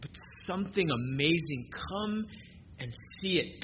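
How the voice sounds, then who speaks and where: A man preaching a sermon as pastor, earnest, moving between soft, quiet stretches and emphatic rises. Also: a little high, measured pace. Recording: dull lo-fi recording with noise.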